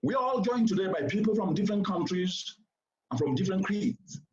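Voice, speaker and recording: High-voiced man giving an oratorical keynote. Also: expressive, brisk. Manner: oratorical, emphatic, repeats points for stress. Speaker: keynote speaker. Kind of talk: formal keynote address. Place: conference venue before a seated audience. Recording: roomy, slightly dull sound.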